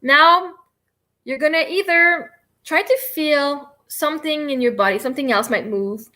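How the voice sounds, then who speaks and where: High-voiced chatty woman. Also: unhurried, sharp tone. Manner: chatty, rambling, self-deprecating. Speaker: livestream host teaching tapping. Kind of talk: casual live demonstration.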